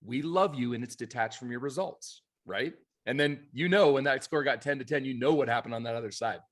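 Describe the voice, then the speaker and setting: A man who coaches youth baseball and co-hosts the podcast, telling stories in an animated, emphatic way. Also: mid-range voice, fairly quick. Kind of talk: casual chat.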